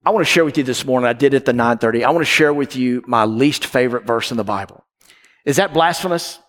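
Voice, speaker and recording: A man preaching a sermon from the pulpit, emphatic and repetitive, swinging between loud and hushed. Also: medium pitch, fast, long reverb tail. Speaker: pastor. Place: church with balcony.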